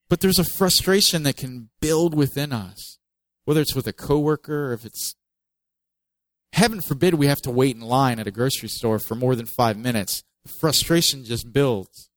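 A male pastor delivers a sermon in a relaxed, conversational manner, slipping in light jokes between scripture readings. His voice sits at a middle pitch and is recorded close and dry, with no room echo. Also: normal speed. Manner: conversational, joking asides, reads scripture with emphasis.

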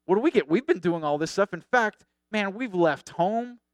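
A man's voice: high-pitched, lively intonation, moderate pace, no echo, voice pushed up. A man voicing an eager, boastful male disciple who pleads indignantly about what he has given up.

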